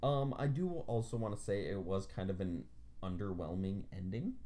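A woman's voice: extremely low pitch, moderate pace, dark tone. A woman co-hosting a podcast, chatting casually about a video game, laughing often and swearing freely. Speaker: podcast co-host.

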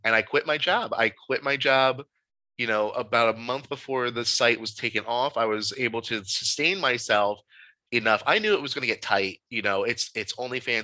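A man, a podcast guest, telling stories from his life in a casual, animated and emphatic way. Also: medium pitch, no room sound, low-quality recording. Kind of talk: casual storytelling.

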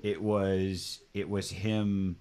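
Swearing, emphatic man with a low voice. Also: little pitch movement, very slow, a little mellow. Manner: emphatic, swears freely, many restarts. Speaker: podcast host. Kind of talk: casual chat.

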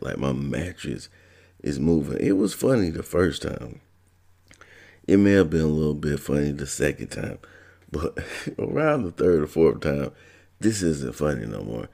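A man's voice: extremely low pitch, vocal fry, warm tone. A man from Georgia telling a personal story in a laid-back, casual way, laughing now and then.

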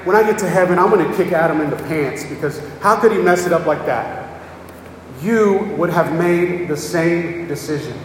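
This high-voiced man is a pastor preaching plainly and conversationally, repeatedly saying "okay?" to make sure his listeners are following. He's heard from far off in a reverberant hall, with a faint hiss or hum underneath.

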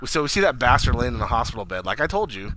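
Man, casual recap chat, very expressive pitch, swears a lot, noisy recording. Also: fast talker. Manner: animated storyteller, acts out lines, swears, laughs.

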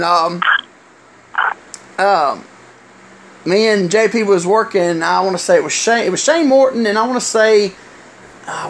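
A middle-aged man, a former wrestler telling stories in casual chat, halting and full of fillers. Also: high voice. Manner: rambling, halting with many fillers. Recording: loud hiss with clicks.

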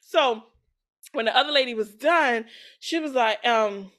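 A woman co-hosting a casual chat, retelling a story with lively acted-out quotes and frequent laughter. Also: a little high, measured pace. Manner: animated storytelling, acts out quoted voices, laughs often. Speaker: podcast co-host retelling a story.

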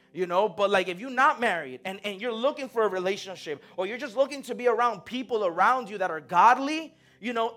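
A young man preaching in a relaxed, conversational way, full of slang and acted-out quotes. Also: high-pitched. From United States. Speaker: pastor. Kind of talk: sermon.

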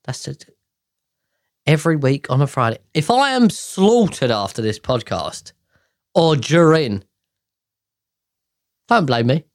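He's a man in his 30s hosting a solo podcast, talking casually into a podcast mic while swearing, rambling and getting exasperated. His medium-pitched delivery is very animated but slow, with frequent pauses.

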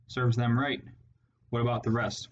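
A man's voice: mid-range voice, flat delivery, normal speed, muffled recording, a little hiss or hum, lightly acted. A man voicing a snarling rat warlord. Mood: snarling, commanding. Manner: snarling, contemptuous, commanding. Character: harsh scarred male rat warlord.

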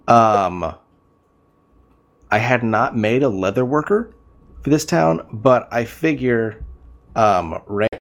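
A man's voice: medium pitch, lively intonation, slow, long pauses. A man running a tabletop game as game master over an online voice call, narrating hesitantly with many ums.

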